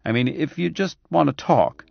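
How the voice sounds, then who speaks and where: A man voicing a harried doctor who has a cold, brisk and coaxing, a little impatient. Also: a little high, gravelly, no room sound, muffled recording, voice pushed up.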